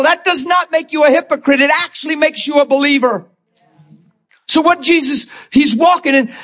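A male pastor preaching with a strikingly high voice. He builds to fervent shouts, stumbles over repeated words and talks straight to his congregation. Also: moderate pace. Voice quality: high-pitched, animated, stammering repeats. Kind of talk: sermon.

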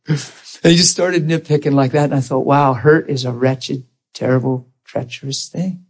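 A man preaching to a congregation through a personal story, his voice husky and breathy at a middle pitch. He talks earnestly and acts out both sides of the conversation as he goes. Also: normal speed, low-quality recording. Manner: earnest, animated retelling with quoted dialogue. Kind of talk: storytelling sermon.

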